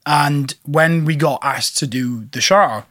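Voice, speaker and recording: A man's voice: fairly high pitch, slow, a bit bright, no room sound, clean studio sound. A man chatting casually as a guest, often acting out his own reactions in little quoted voices. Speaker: singer-songwriter guest. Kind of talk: casual chat.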